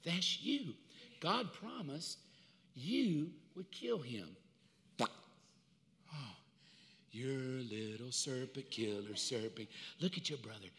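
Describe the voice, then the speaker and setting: A man voicing Eve as a doting mother who croons softly and half-whispers, heard with long hall reverb. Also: mid-range voice, animated, slow, pauses often, voice pushed down.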